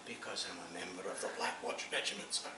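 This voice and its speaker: A stoic young male soldier, rattling off rapid, flat replies to his sergeant, as a man acts him out. The voice is low and quick. It sounds roomy and heard from a distance. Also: exaggerated voice.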